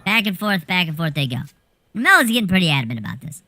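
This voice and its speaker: A woman telling a rambling anecdote in a casual, animated way, swearing freely as she goes. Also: fairly low pitch, quick pace. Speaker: storyteller.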